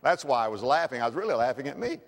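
A rueful father, voiced by a male preacher, dropping low and going soft and halting as he talks to his son. The room answers with a long, echoing reverb. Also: big pitch swings. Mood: gentle, rueful. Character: rueful father in Noah's time.

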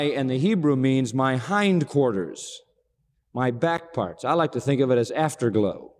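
A man preaching a sermon, expressive, asking rhetorical questions and acting out dialogue. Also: medium pitch, slow, pauses often. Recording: long reverb of a large hall.

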